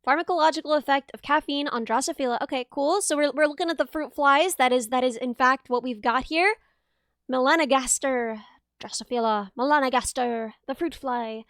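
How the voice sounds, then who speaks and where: A high-pitched young woman talks casually on her live stream from her bedroom, laughing easily and answering chat as she goes. Her voice sits dry and close, with no room sound around it. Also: a little fast, fairly bright tone, no echo. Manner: giggly, chatty, reads chat aloud. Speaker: livestreamer.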